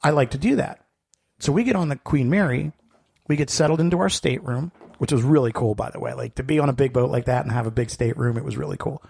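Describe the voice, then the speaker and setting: A man with a gravelly, somewhat husky voice, chatting as a podcast co-host. He tells long stories in a relaxed way, swears casually and breaks into laughs. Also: mid-range voice, quick pace. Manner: swearing, storytelling, laughs easily. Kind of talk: casual chat.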